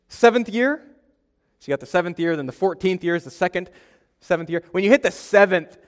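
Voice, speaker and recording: A young adult man preaching a sermon as a pastor, in a conversational storytelling way with self-deprecating humor. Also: fairly high pitch.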